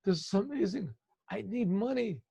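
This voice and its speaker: A man's voice: high-pitched, expressive, moderate pace, gravelly, dark tone, slightly rough, no echo, voice pushed up, full character voice. A man voicing a desperate, poor woman who pleads tearfully, heard over dull lo-fi call audio. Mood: pleading grateful.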